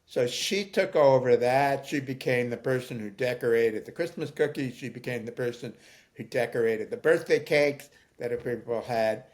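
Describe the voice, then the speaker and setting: An older man speaking as an interview guest, telling stories in a thoughtful, halting way with many fillers. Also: medium pitch. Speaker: guest, founder of an aging nonprofit. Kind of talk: conversational storytelling interview.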